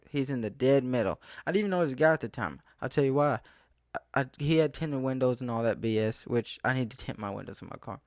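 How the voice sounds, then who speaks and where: A man's voice: medium pitch, no echo, studio quality. A young man ranting casually to the camera, rambling and exasperated, often acting out what he said to people. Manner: rambling, exasperated, restarts and quoted asides. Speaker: vlogger. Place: outdoors in a town, then home.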